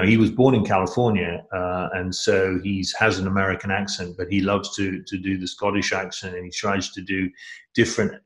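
Man, middle-aged, lowish voice, enthusiastic, rambling, echoey room. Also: a bit bright. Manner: enthusiastic, rambling, many restarts. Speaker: guest. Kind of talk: casual conversation.

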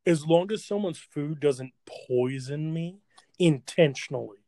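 Podcast co-host, man in his twenties, gravelly, dry close mic, laughs through his own riffs. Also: fairly high pitch, measured pace, dark tone, no echo. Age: 20s. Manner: laughs mid-sentence while riffing. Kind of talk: casual banter.

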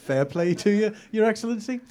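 A man's voice: high-pitched, animated, brisk, darkish tone. A man playing a prim Victorian author hosting the show, dry and mock-formal, chuckling often. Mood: amused, appalled. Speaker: host. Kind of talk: improvised comedy podcast character.

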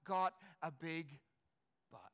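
A male pastor preaching a sermon in an animated, conversational way, asking his congregation rhetorical questions. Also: a little high, takes it slowly, clean tone.

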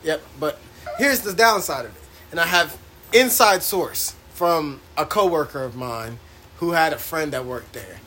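A man hosting a casual, profane group chat, loud and animated and often laughing. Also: on the high side, measured pace, a little hiss or hum. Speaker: podcast host. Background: friends talking and laughing.

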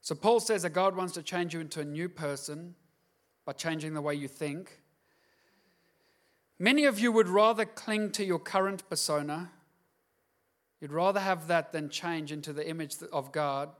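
A man's voice: a little high, moderate pace, long pauses. A middle-aged man preaching a sermon as pastor, passionate and building to emphatic outbursts.

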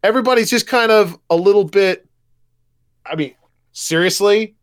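A man's voice: high-pitched, moderate pace, clear, resonant tone. A man chatting casually as a podcast co-host, enthusiastic and full of restarts and swearing. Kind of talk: casual movie chat.

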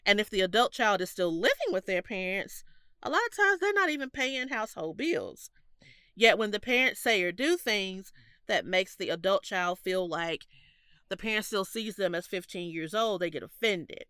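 A woman's voice: mid-range voice, normal speed, clean tone, no echo, clean studio sound. A woman in her thirties co-hosting a podcast in casual chat, congested from allergies, laughing often as she tells stories. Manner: laughs often, animated storytelling. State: congested, stuffy nose. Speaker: podcast co-host.

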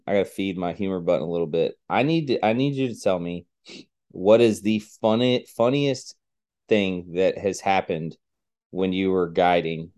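A man hosting a casual chat, halting and repeating words, with a joking streak. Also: low voice, a little mellow.

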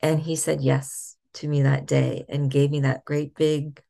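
Low, gravelly-voiced middle-aged woman. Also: little pitch movement. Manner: soft-spoken storyteller, thoughtful pauses. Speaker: podcast guest. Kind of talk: personal faith story in conversation.

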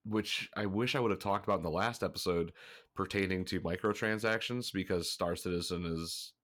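A man's voice: deep voice, a little fast, fairly bright tone. A man co-hosting a gaming podcast, chatting casually and a little congested, rambling and swearing as he talks. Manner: rambling, swears freely, laughs often. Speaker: podcast co-host.

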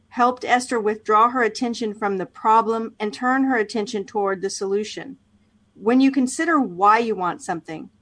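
A woman co-hosting a casual talk show, reading a book aloud in a measured, thoughtful way. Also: mid-range voice, a bit bright, no room sound. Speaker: podcast co-host.

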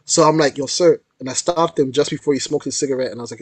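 A man's voice: medium pitch, fast talker, husky, no echo. A young man, a guest artist, telling a story in a casual, slangy interview style. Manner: animated storyteller, slangy with frequent "yo" and "like".

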